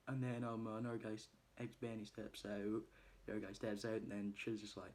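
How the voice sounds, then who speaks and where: A man's voice: fairly low pitch, steady tone, fairly quick. A young man, recapping a film plot in casual chat, rambling with many ums and uhs and loosely quoting characters. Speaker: film reviewer.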